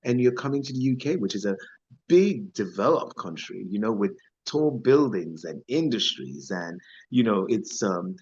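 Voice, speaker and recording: Husky Belizean man, low voice. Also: sing-song, normal speed, a little mellow, muffled recording. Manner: thoughtful, hesitant with many fillers. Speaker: interview guest. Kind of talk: casual conversational interview.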